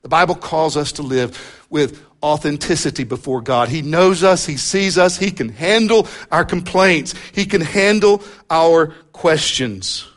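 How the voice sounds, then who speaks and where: A man preaching a sermon to his congregation, earnest and drawing out key words with slow emphasis. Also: on the high side, fairly bright tone. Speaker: pastor. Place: church service with congregation present.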